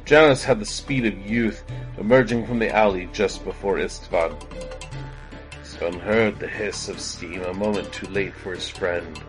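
A man reading a piece of dramatic fiction aloud in a measured, deliberate storytelling manner. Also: low voice, low-quality recording. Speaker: story reader. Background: soft guitar music.

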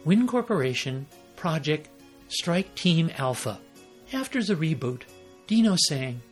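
A man's voice: fairly high pitch, sing-song, measured pace, soft background music. A man reading his own short stories aloud in a dramatic style with wry asides. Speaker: storyteller. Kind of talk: scripted story reading.

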